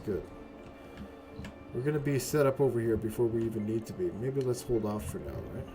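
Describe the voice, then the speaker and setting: A man casually commenting on a game as he streams it, cursing freely, talking to his chat and tagging "right?" onto his sentences. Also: mid-range voice. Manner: profane, excitable, talks to chat, keeps asking "right?".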